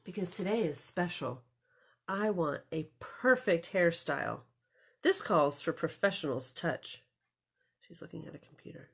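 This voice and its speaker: A woman librarian reading a picture book aloud to children, expressive and storytelling, with chatty asides. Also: on the low side, a little slow, slightly rough.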